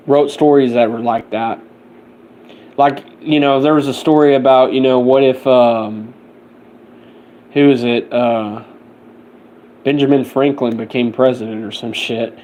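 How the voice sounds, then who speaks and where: A tired man rambling through casual late-night chat as he hosts a livestream, halting and restarting his sentences. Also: mid-range voice, a little mellow. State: tired and sleepy. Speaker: livestream host.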